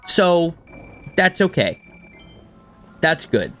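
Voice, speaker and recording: A man in his thirties talks casually over a game he is streaming, chatting with his viewers and poking fun at himself. His voice sits at an ordinary middle pitch. Soft music plays faintly behind him on a desk microphone. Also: normal speed. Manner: chatty and self-deprecating, reading chat aloud. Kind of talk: casual live-stream chat over gameplay.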